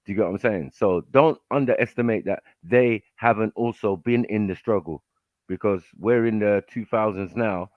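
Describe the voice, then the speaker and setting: A man on a livestream panel, speaking in a measured, hesitant way over an online call. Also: on the low side, no room sound, narrow, tinny audio.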